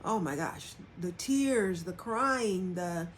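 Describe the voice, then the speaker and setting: Slow and animated, her lowish voice carries a slight hiss or hum in the recording. As a livestream host sharing a frank, casual reflection on her own life, she voices quoted lines in changed voices.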